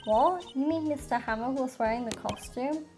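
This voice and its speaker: A British woman reading the lines of a cheerful, excitable young female assistant from a video game, in a bright, perky way. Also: high-pitched, moderate pace, over music, natural voice.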